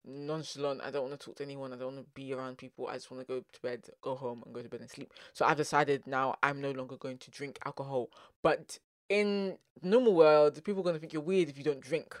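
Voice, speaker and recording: A young adult with a South London accent chats straight to the camera, animated and rambling, breaking into laughter often. The voice sits in a middle pitch. The sound is close and dry, with no room echo. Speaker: vlogger. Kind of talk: casual vlog monologue.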